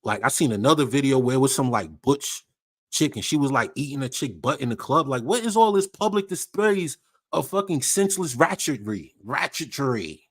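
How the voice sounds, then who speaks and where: A man's voice: mid-range voice, moderate pace. Dude going off on his stream, cussing a lot, repeating himself, slangy rant. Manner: profane, animated, repetitive slang-heavy ranting. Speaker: livestream host. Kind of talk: casual ranting commentary.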